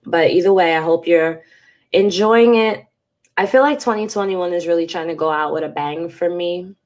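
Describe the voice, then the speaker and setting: A woman's voice: fairly low pitch, normal speed, darkish tone. A congested woman in her thirties talking frankly and casually to her viewers in a personal vlog, swearing now and then. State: congested from a cold. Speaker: vlogger.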